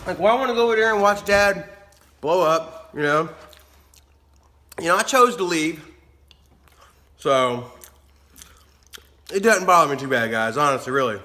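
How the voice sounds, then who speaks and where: A man's voice: on the high side, expressive, a little slow, pauses often, pushed and bright. A man, vlogging casually, telling rambling stories, laughing often and swearing freely. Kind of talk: casual vlog storytelling.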